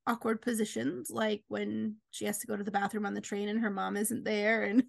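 A woman author telling stories in a casual chat, animated and acting out quoted lines. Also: brisk, gravelly, dry recording. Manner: animated, acts out quotes with big pitch jumps. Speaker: author guest.

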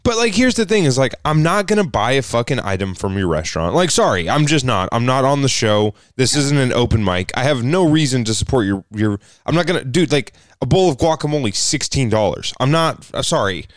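A man co-hosting a podcast, telling a story in casual chat, animated and profane, acting out the people in it. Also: mid-range voice, brisk, hardly any pauses, dry recording, clean studio sound. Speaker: podcast co-host.

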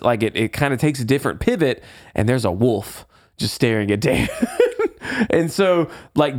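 A man co-hosting a casual podcast, recapping a movie in animated storytelling and swearing freely. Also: medium pitch. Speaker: podcast co-host.

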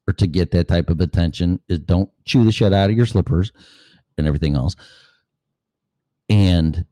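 Brief: low-voiced male host, profane and chatty, dry close-up sound. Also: warm tone, dry recording. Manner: profane, conversational, asks rhetorical questions. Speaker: show host. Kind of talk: casual rambling monologue.

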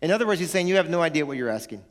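A man, a pastor, preaching a sermon in a lively, playful way, acting out little scenes from home. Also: a little high, rapid-fire, long reverb tail. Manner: animated, playful, acts out family quarrels.

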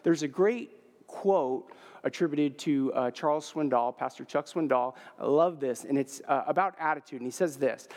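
Pastor, forties, male, higher-pitched voice, relaxed anecdotal sermon delivery, reverberant church sound. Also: normal speed. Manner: conversational storytelling with fillers. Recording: long hall reverb.

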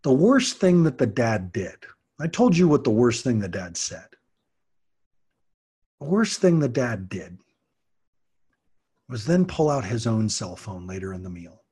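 Husky-voiced man hosting a parenting podcast. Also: medium pitch, big pitch swings, measured pace, pauses often, warm tone. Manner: earnest, acts out quotes of kids and parents. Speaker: podcast host, parenting coach and martial arts teacher. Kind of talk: podcast monologue.

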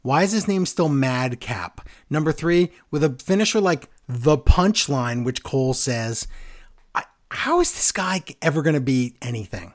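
Animated man recapping sarcastically. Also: a little high, normal speed. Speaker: wrestling podcast co-host. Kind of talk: casual recap chat.

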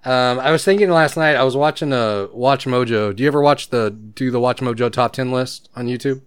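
A man's voice: mid-range voice, fairly quick, smooth, no room sound. A man co-hosting a casual podcast, telling rambling stories and laughing often. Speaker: podcast co-host.

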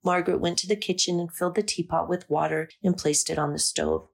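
A woman narrating a story aloud in a calm, measured reading. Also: lowish voice, creaky. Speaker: audiobook narrator.

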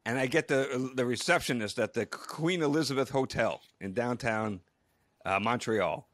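A man's voice: medium pitch, normal speed, no room sound. A middle-aged man, a retired astronaut and co-host, telling stories animatedly in a casual podcast chat. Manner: animated storyteller, acts out quotes.

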